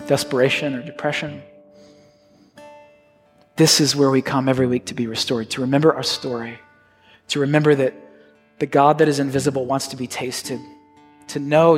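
An earnest male pastor preaches and prays in a church sanctuary, his voice trailing into a long hall reverb. Soft guitar plays under him. He swings from raised, emphatic lines to hushed, prayerful ones. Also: mid-range voice, steady tone, brisk, pauses often. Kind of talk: sermon and communion liturgy.

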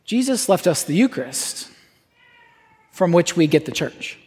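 A man preaching as pastor and leading communion. He speaks earnestly, with slow repeated refrains and livelier asides. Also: on the high side, big pitch swings, breathy edge. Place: church sanctuary. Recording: reverberant church hall, soft guitar.

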